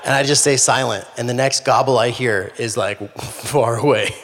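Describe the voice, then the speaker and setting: Animated man preaching in a reverberant hall. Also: medium pitch, normal speed. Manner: humorous, animated storyteller. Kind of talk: storytelling sermon.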